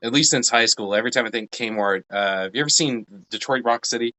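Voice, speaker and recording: A man's voice: medium pitch, fast talker, sharp tone, rough recording. A man co-hosting a podcast in casual chat, tossing in dry jokes. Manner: dry joking asides. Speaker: podcast co-host.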